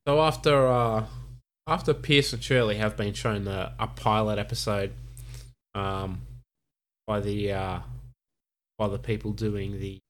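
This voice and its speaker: A man's voice: fairly low pitch, fairly even intonation, measured pace. A man hosting a casual chat about a TV episode. He rambles with fillers and laughs often. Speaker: podcast host recapping a TV episode.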